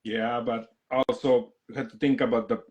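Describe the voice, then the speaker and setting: A man's voice: medium pitch, level tone, normal speed, a little mellow, highs cut off. A man hosting a livestream who mostly gives short replies and moves the talk along. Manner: brief backchannel replies. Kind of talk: casual chat.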